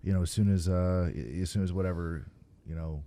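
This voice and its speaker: A man hosting a podcast, giving relaxed, opinionated takes in casual chat, with many fillers and stammered starts. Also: sits low, a little fast. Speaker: podcast host.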